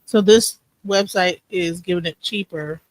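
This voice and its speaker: A woman's voice: fairly low pitch, a little slow, dry recording, rough recording. Inquisitive woman asking questions, dry sound. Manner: inquisitive, asks many questions. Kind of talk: casual chat.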